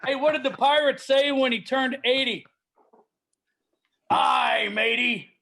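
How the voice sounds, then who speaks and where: Sex: man. Style: jokey dad-joke teller. Pitch: high. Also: steady tone, moderate pace, fairly bright tone. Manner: jokey punchline delivery with playful stammering restarts. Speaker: tribute artist. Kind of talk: telling dad jokes on a video call.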